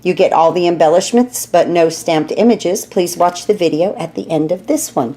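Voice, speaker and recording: A woman's voice: on the low side, normal speed, warm tone, slightly rough. A middle-aged woman chatting through a card-making tutorial, laughing at her own mess as she works. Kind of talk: casual craft tutorial.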